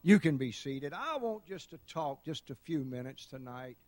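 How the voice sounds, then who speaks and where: A middle-aged man preaching a sermon, telling folksy stories and building to loud shouts. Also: a little high, expressive, a little slow, pauses often, no room sound. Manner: folksy storytelling, dramatic swings to loud shouting. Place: church sanctuary.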